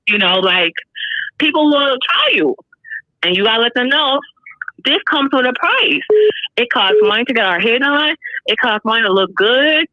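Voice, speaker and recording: A woman calling in to a podcast, telling a dating story in an animated, sassy way. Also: a little high, normal speed, no echo, lo-fi sound. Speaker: caller. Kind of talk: casual call-in storytelling.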